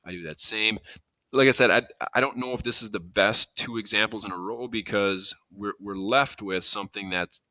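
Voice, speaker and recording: Man, math teacher, lowish bright voice, dry close sound, chatty step-by-step explaining. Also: normal speed, no echo. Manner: conversational, thinking aloud with self-corrections and asides. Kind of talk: classroom lesson walkthrough.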